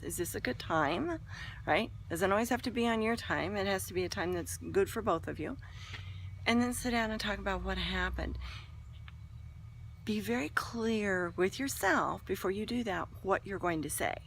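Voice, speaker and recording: A woman's voice: mid-range voice, gravelly, fairly bright tone, a little hiss or hum. A woman hosting a relationship advice talk. She speaks earnestly and emphatically, repeats key points and sometimes drops to a whisper for emphasis.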